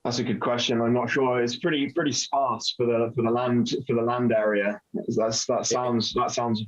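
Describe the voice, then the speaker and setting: A man's voice: mid-range voice, normal speed. A man from Canada hosting a podcast, talking casually and hesitantly with many fillers. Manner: relaxed, hesitant, lots of fillers. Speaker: podcast host. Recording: dull lo-fi sound.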